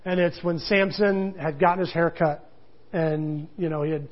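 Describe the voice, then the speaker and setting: A male pastor preaching a sermon in a rambling, animated storytelling way, full of restarts. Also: on the high side, normal speed. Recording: muffled lo-fi recording.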